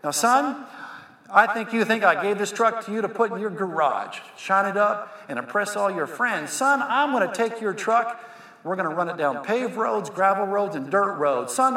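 A man's voice: high-pitched, bright, forceful tone, heavily acted. A man voicing God as a firm, fatherly cowboy, folksy and preachy, calling the listener son, in a reverberant hall. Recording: echoey hall with long reverb.

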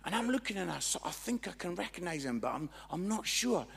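A man, a pastor preaching and telling a story with lively acted-out dialogue. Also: high voice, fairly quick, vocal fry, slightly rough. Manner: animated, acts out both sides of dialogue. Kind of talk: sermon storytelling.

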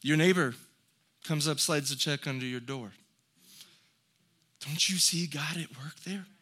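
At a measured pace, a male preacher with a highish voice that's bright, forceful, and slightly rough gives an earnest sermon. Folksy storytelling and light laughter come first, building to emphatic exhortations.

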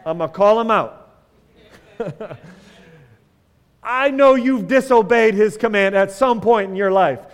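High-voiced man preaching in a reverberant hall. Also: a little slow, long pauses, smooth. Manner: conversational preaching, asks the congregation questions, wry humor. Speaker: pastor. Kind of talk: sermon. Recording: long reverb of a large hall.

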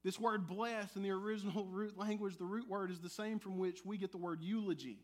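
A man preaching to his congregation in a notably high voice. He swings from quiet, earnest stretches to lively, teasing banter with the pews. His delivery is conversational and animated, as if talking with the people in front of him. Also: fairly quick. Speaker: pastor. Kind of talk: sermon. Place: church sanctuary.

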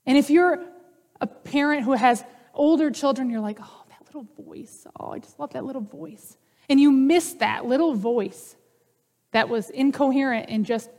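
In a sermon drenched in long hall reverb, a woman pastor with a somewhat high-pitched voice teaches in a casual, conversational manner and lets humor slip in.

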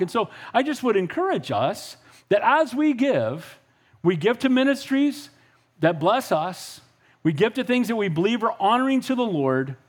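A middle-aged man preaches with a high, bright voice that climbs and dips as he drives his points home. He keeps checking in with the congregation, calling for amens between lines. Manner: animated preaching with frequent call-outs for amen. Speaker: pastor. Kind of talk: sermon.

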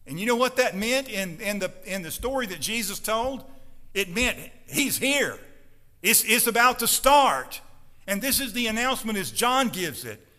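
A high-voiced, bright-toned man preaching from the pulpit. He presses his points with emphasis and rises to loud declarations, and his voice rings through the long reverb of a large church hall. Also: animated, moderate pace. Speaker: pastor. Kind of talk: sermon. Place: church sanctuary.

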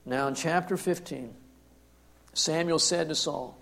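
Emphatic preacher man, somewhat high voice. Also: a little slow, creaky. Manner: emphatic, swings from hushed to forceful with repeated words. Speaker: pastor. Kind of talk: sermon.

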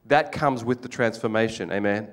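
A man's voice: lowish voice, normal speed. An older man with an Australian accent preaching a sermon, telling stories with jokes and acting out the voices of people in them. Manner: animated storytelling with jokes, acts out quoted voices.

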